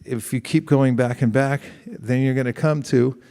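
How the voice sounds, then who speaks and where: A middle-aged man delivers a sermon in a relaxed, conversational way, often turning to his listeners with questions and playing out little back-and-forth dialogues. His voice sits at an ordinary pitch with a mellow, darker tone. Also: moderate pace. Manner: conversational, questions the audience, acts out quoted exchanges. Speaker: spiritual teacher. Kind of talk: sermon to a live audience.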